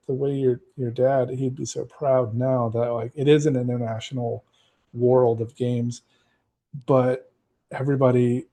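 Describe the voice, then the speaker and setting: A game master from the United States, a guest on a podcast, rambles casually about running games, starting over often and using many fillers. His mid-range voice sounds creaky and warm.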